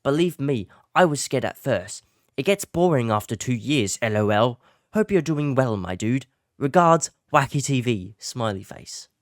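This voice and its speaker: A cheerful mock-British fellow, voiced by a man who lifts his pitch well above his usual and leans into a posh, upbeat lilt. The sound is clean and close, with no room around it. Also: lively intonation, unhurried, no echo, close to an everyday voice. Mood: friendly. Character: friendly young man read in a British accent.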